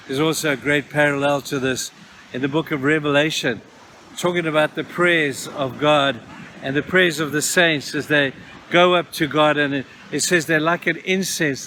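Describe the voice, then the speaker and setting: A man's voice: fairly high pitch, bright, forceful tone, slight background noise. A man preaching a devotional talk outdoors at a beach, telling scripture stories and acting out their voices. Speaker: pastor.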